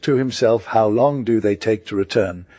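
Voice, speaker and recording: A man reading a stage comedy aloud as an audiobook, naming each speaker in a plain, even way. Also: on the low side, moderate pace, dry recording. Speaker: audiobook reader.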